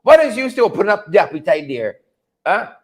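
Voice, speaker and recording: A man hosting a livestream, animated and repetitive, laughing often and greeting viewers by name. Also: sits high, fairly quick. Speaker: livestream host. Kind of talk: casual livestream commentary.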